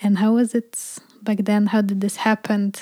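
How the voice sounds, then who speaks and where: A woman interviewing a guest in relaxed conversation, prompting him with questions. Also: mid-range voice, moderate pace, no room sound.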